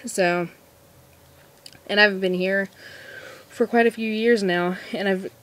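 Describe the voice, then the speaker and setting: A seventeen-year-old girl chats through viewer questions in a casual vlog. She sounds nervous and giggly, rambling and restarting her sentences often. Her voice sits at an ordinary middle pitch for a young woman. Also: fairly even intonation, slow, a bit bright. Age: teens. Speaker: vlogger.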